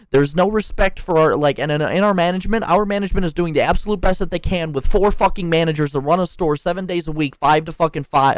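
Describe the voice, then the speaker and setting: A man's voice: on the high side, clear, resonant tone, no echo. A young man worker ranting heatedly about management, swearing often and turning sarcastic. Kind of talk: angry ranting monologue.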